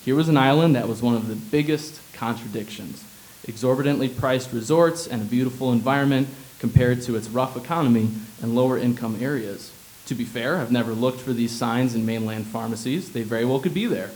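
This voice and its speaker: A man's voice: medium pitch, a little fast, darkish tone, rough recording. A young man from Illinois reads his humorous personal essay aloud. His delivery is wry and sardonic, with dry asides. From Illinois, USA. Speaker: writer reading his essay.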